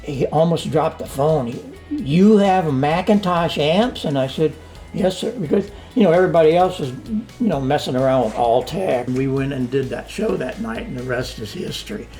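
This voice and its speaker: In a home studio with faint music behind him, an older sound engineer tells stories during a relaxed interview. His voice is medium-pitched and fairly quick, and he's a lively storyteller who performs the dialogue he quotes.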